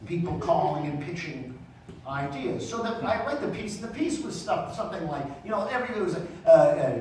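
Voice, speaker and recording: A middle-aged man telling comic stories on stage in an animated way, acting out the people in them. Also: on the high side, brisk, heavy reverb, recorded from a distance, a little hiss or hum, low-quality recording. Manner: animated, acts out voices in his anecdotes. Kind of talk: stand-up storytelling.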